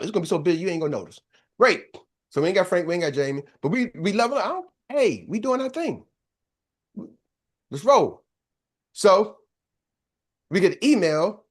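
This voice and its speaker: An older man, a business coach, telling a story to an audience in a casual, slangy way and acting out both sides of each conversation. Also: high voice.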